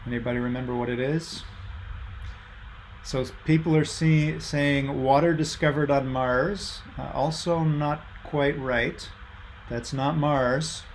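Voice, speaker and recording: A man's voice: mid-range voice, steady tone, a little slow, slight background noise. A middle-aged man giving a university lecture over a video call, in a casual way with many fillers, reading out student answers from the chat. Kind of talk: online lecture.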